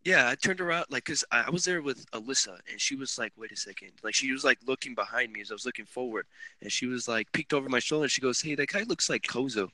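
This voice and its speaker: A young man hosting a casual podcast chat, telling animated stories with lots of swearing. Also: medium pitch, fast, dry recording. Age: young adult. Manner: animated, swearing, laughing storyteller. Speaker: podcast host.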